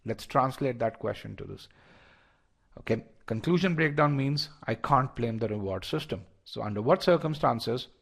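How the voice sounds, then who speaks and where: A test prep instructor runs a live online class, his mid-range voice creaky with a breathy edge and moving at a normal speed. He works through the reasoning step by step, animated and full of restarts and fillers, and keeps polling his students.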